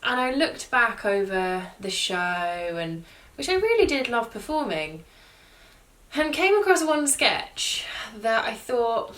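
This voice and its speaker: A woman's voice: on the high side, very animated, takes it slowly, fairly bright tone, distant mic. Chatty self-mocking woman comedian. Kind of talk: casual vlog intro to camera.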